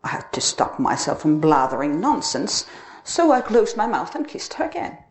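A woman narrating a dark first-person literary story, expressive and dramatic. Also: deep voice, moderate pace.

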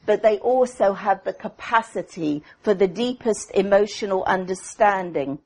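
A woman psychotherapist reading a prepared clinical paper aloud in a measured, deliberate way. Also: mid-range voice, a little mellow.

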